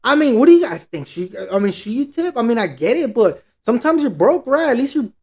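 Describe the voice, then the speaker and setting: A man's voice: very high-pitched, very animated, brisk, darkish tone, husky. A man co-hosting a podcast, telling a story in casual, profane slang and acting out what everyone said. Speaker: podcast co-host.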